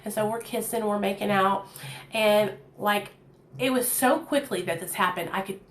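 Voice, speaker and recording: A woman's voice: medium pitch, moderate pace, a little hiss or hum. A woman telling a personal story in a casual, candid and profane way, full of chatty fillers, in an echoey room. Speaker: vlogger.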